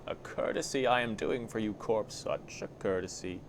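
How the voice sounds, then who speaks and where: A man's voice: normal speed, a little hiss or hum, natural voice. A man voicing a sly, crippled old male beggar who wheedles and turns menacing, in a game reading. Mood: wheedling. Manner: wheedling, drawn out, dropping low.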